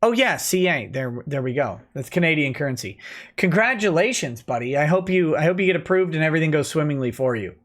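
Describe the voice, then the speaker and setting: A man's voice: fairly high pitch, lively intonation, a little fast, fairly bright tone. Chatty male livestream host. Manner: chatty, reads chat comments aloud and reacts. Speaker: livestream host reading chat. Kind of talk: casual livestream commentary.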